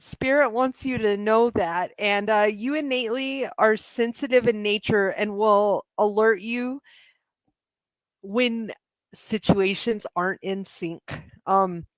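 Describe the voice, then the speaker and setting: A woman's voice: on the high side, dry recording. A woman giving a live spiritual reading as an angel healer, chatty and encouraging, often laughing. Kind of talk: live-stream spiritual message, casual.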